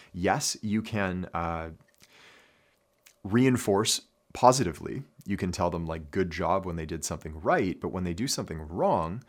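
A man giving an instructional talk on athlete mindset as a coach, earnest and repeating his key phrases with frequent check-ins like "right?". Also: low voice.

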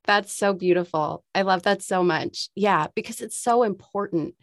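A woman's voice: mid-range voice, moderate pace, no echo, clean studio sound. A woman hosting a podcast interview, effusive and openly emotional, laughing often. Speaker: podcast host.

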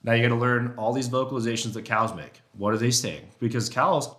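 A man guesting on a podcast, chatting casually and telling hunting stories with lively, animated delivery. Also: brisk. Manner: animated storyteller who acts out elk talk in a high voice. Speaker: guest elk hunter and caller.

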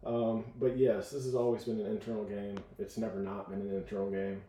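Man, coach, casual podcast talk, mellow dark voice, roomy sound, set back from the mic. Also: lowish voice, a little fast, a little hiss or hum. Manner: animated storyteller, acts out voices in quotes.

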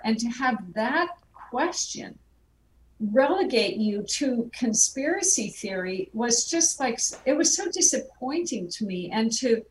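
A woman's voice: on the high side, lively intonation, slow pace. Heartfelt woman, distant and roomy. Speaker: guest, filmmaker. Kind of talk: conversational interview. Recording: roomy and distant, faint background noise.

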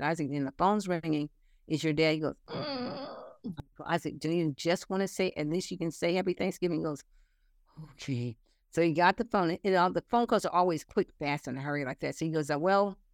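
A woman's voice: fairly low pitch, dry recording, clean studio sound. A woman in her sixties, an interview guest, telling family stories earnestly and acting out the dialogue. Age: 60s. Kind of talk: casual faith-based conversation.

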